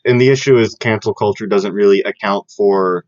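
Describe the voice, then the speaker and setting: A man's voice: lowish voice, no room sound. Rambling, jokey young man. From Southern United States. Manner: rambling, jokey, quick to laugh. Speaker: podcast co-host. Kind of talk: casual chat. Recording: dry, dull lo-fi audio.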